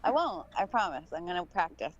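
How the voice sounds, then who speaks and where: A woman co-hosting a podcast in a blunt, playful way, swearing freely. Her voice sits a little low. The sound is dull and lo-fi, with faint hiss behind it. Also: very animated, brisk. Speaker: podcast co-host. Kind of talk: casual chat on a live stream.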